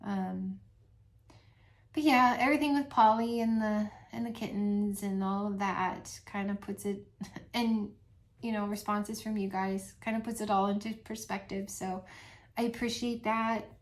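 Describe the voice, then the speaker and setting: A middle-aged woman talking casually to her channel's viewers, soft-spoken, with many pauses and frequent little laughs. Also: mid-range voice, fairly even intonation. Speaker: channel host. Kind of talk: casual vlog chat to viewers.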